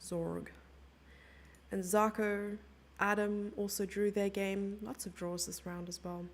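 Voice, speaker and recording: This young woman commentates chess live, chatting playfully with viewers and reading out their messages to answer them. Her medium-pitched voice is flat in delivery and slow.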